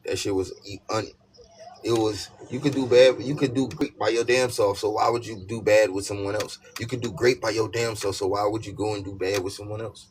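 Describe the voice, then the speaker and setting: Speaking fairly quickly in a lowish voice, a tarot reader delivers a casual reading. He's emphatic and repetitive, peppering his talk with "you know what I'm saying," while birds sing over constant background noise.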